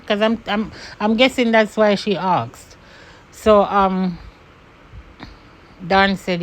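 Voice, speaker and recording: A Jamaican woman from Jamaica telling a personal story to camera in an animated way. She swears and slips into patois when she is angry. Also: mid-range voice, slow, pauses often, a little hiss or hum.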